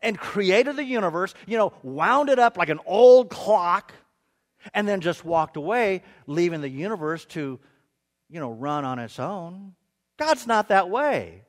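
A middle-aged male pastor delivering a sermon with a notably high voice. His pitch leaps and dips constantly as he tells funny everyday stories, often stumbling into repeated words before he finds his point. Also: unhurried. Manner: animated, humorous storytelling with stammered restarts.

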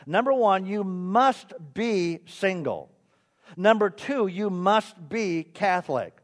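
A brash, chatty woman posing as a nun, as a preacher puts her on. She sounds reassuring in a fairly high voice. A long reverb of a church hall rings around her. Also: expressive, slow.

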